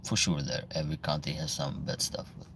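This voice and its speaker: Gravelly low-voiced Albanian man. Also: little pitch movement, fairly bright tone, slight background noise. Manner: reads viewer comments aloud and answers in halting, broken English. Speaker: livestream host answering viewer questions. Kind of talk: casual livestream Q&A.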